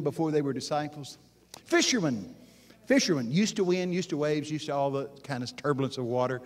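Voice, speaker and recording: A preacher with a fairly high voice delivers a sermon at a live conference. He is folksy and animated, dropping into hushed asides and then rising to loud exclamations. He keeps pulling the crowd in with direct questions. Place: live conference session before an audience.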